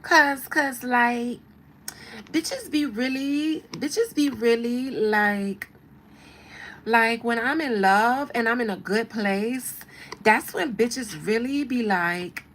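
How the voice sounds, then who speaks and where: A woman's voice: sits high, animated, moderate pace, few pauses, pushed and bright, slight background noise, pitched above the performer's own voice, exaggerated voice. A woman putting on an exaggerated accent to impersonate a brash, boastful woman rap star.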